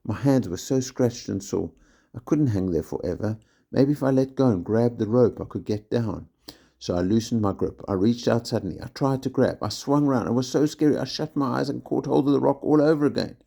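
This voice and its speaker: Low gravelly guy reading a kids' story out loud, dark mellow tone. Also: brisk. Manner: steady first-person narration. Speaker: primary school teacher reading aloud.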